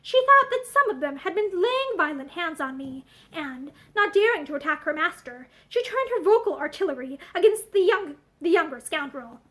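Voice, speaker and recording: A woman reading a classic novel aloud in an expressive, animated way, seated indoors before a camera. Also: very high voice, normal speed, hardly any pauses. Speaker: audiobook reader.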